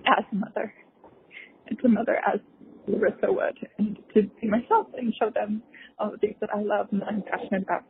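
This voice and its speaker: A young woman telling a personal story, halting and emotional, with many pauses and fillers. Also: mid-range voice, level tone, vocal fry, slight background noise. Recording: tinny phone-like recording.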